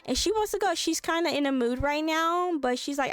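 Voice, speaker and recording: A woman's voice: high-pitched, fairly quick, hardly any pauses. A woman giving casual, rambling let's play commentary as a game streamer, chatty and giggly.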